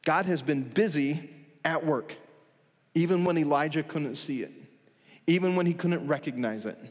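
A man delivers a sermon in a somewhat high voice, building his points with one rhetorical question after another. He speaks with steady emphasis. His words trail off into the long reverb of a large church hall. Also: normal speed. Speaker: pastor.

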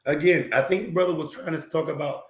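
A hoarse male talk show host with a lingering cough, speaking earnestly to viewers, repeating himself and using many fillers. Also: fairly high pitch, fast, roomy sound. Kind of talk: live-stream talk show, reading viewer comments.

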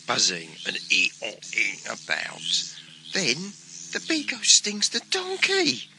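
A playful man tells a homemade story with a very lively voice that leaps up and down. His tone is bright and forward, and he sounds chatty and theatrical. He hosts his own small broadcast. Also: medium pitch, takes it slowly, vocal fry, slight background noise, low-quality recording. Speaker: host and storyteller.

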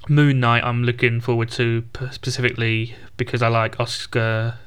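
A man's voice: medium pitch, flat delivery, normal speed, a bit bright, smooth. A man co-hosting a podcast in casual chat, running through a list with teasing asides. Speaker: podcast co-host.

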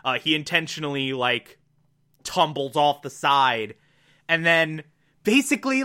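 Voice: mid-range voice, expressive, a little slow, bright, forceful tone, clear, resonant tone. A podcast host giving a chatty, laughing episode recap full of filler words.

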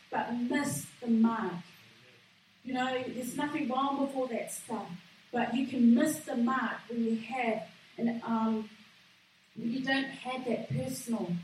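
A woman delivers a sermon in an earnest, halting way, often pausing on fillers and restarting her sentences. Her voice sits a little high. The sound rings around a very echoey hall, picked up from some distance with faint room ambience behind. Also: a little hiss or hum. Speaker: preacher.

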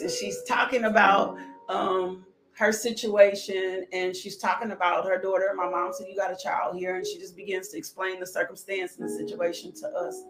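A woman preaching a sermon with a personal testimony, animated and calling out with bursts of praise. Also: mid-range voice. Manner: animated, shouting "woo", laughing. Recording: echoey room with music behind.

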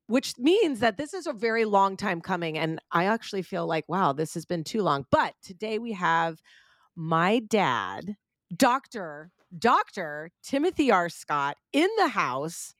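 A woman's voice: on the low side, sing-song, unhurried, fairly bright tone, dry recording. Chatty woman podcast host, dry sound. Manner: chatty, laughs often, addresses listeners as guys. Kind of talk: casual chat.

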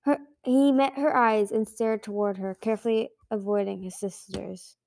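A woman's voice: medium pitch, fairly even intonation, normal speed, vocal fry, a little mellow. A woman reading a fantasy book aloud for her own amateur audiobook, in an earnest, plain way. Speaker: audiobook reader.

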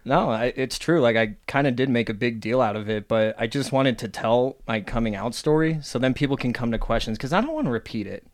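A man's voice: medium pitch, brisk, hardly any pauses. A young man co-hosting a podcast, talking bluntly and matter-of-factly with plenty of swearing in a casual chat. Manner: blunt, profane, matter-of-fact. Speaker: podcast co-host.

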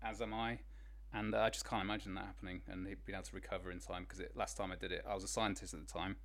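A man's voice: sits low, little pitch movement, very fast, a bit bright. A man appearing as a podcast guest, dry and understated. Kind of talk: casual chat.

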